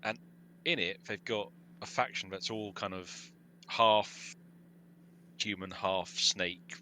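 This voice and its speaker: A man's voice: fairly low pitch, fairly even intonation, slow pace, bright, forceful tone, slight background noise, rough recording. A man joining a casual podcast chat as a guest, talking with dry, wry humor.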